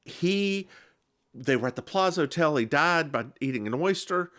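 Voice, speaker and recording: Male co-host, slightly high and lively, casual rambling recapper. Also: normal speed. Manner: rambling recap, restarts, self-correcting, animated. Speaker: podcast co-host recapping a TV episode. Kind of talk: casual chat.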